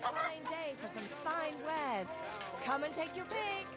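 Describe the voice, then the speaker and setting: High sing-songy market lady hawking wares, slow drawn calls, music underneath. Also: lively intonation. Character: brisk female market merchant hawking wares.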